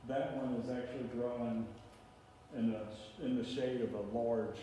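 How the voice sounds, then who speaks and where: A man's voice: medium pitch, steady tone, measured pace, mellow. A man giving a casual, rambling talk about plants to a small group, with lots of fillers. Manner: rambling, filler-heavy, folksy. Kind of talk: casual presentation to a local audience. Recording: echoey room, distant mic, faint hiss.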